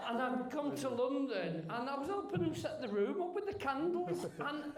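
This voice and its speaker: A man's voice: very high-pitched, expressive, a little slow, a crowd in the background. A comedian at a cinema Q&A who tells a story with stammering restarts and keeps laughing as he goes. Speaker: comedian guest at a Q&A. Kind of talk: anecdotal storytelling. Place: cinema auditorium Q&A. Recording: roomy echoey cinema.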